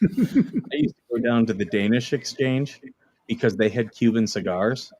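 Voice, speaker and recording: A man who served as a Marine, chatting casually with a relaxed, chuckling manner. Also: mid-range voice, moderate pace, husky. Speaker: former Marine co-host. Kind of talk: casual chat. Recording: dull lo-fi mic.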